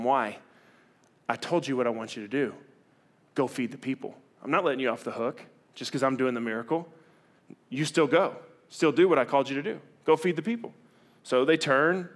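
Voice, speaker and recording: A man preaches to his congregation in an animated way, voice sitting a little high. He slips into quick impressions of reluctant listeners and then returns to plain teaching. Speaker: pastor. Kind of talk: sermon.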